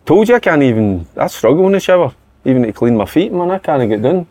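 A man with a fairly high, lively voice jokes about himself among his podcast mates. The sound is dry and close, with no room around it. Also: fast, no room sound. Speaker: podcast co-host. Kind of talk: casual chat.

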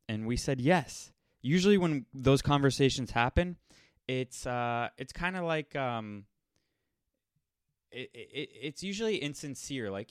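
A young man telling a rambling, sardonic story in a casual monologue, now and then mocking people in quick impressions. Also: mid-range voice, lively intonation, clear, resonant tone, no echo. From Los Angeles area.

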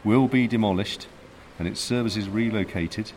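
A man's voice: on the low side, normal speed, darkish tone, slight background noise. A man from the south of England co-hosting a walking podcast in a shopping arcade, explaining the route step by step. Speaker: podcast co-host. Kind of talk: casual walking chat.

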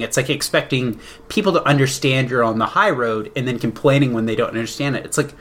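A man's voice: mid-range voice, a little fast, hardly any pauses, a bit bright. A man co-hosting a casual talk show, chatty and playful, arguing his point through homely analogies. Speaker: podcast co-host. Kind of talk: casual chat.

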